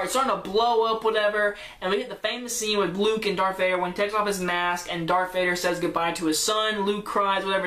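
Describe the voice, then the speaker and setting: A woman rambles through a movie recap in a mid-pitched voice, gushing and brushing details aside. The sound bounces around an echoey room. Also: fairly bright tone. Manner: rambling, gushing, often trails off with "whatever". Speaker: movie reviewer.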